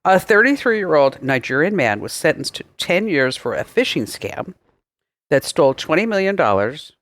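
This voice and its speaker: Animated, joking male radio co-host. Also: on the high side, moderate pace, dry recording. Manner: joking, animated, rambling storyteller. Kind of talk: casual radio show banter. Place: radio studio. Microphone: studio microphone.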